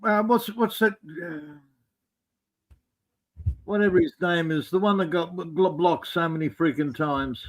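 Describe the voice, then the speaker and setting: High-voiced man, joking and teasing. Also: a little slow, pauses often. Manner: teasing, joking, wry asides. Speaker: co-host on a live stream. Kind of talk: casual live-stream chat.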